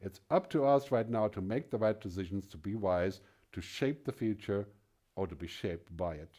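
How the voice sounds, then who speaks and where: A man's voice: fairly low pitch, normal speed, warm tone. A middle-aged man giving a conference keynote, emphatic and fond of rhetorical questions. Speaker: keynote speaker.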